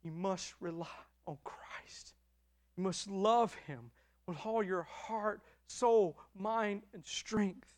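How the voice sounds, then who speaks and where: A middle-aged man preaching a sermon as pastor, emotional and emphatic, swinging between loud declarations and hushed passages. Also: sits high, slow.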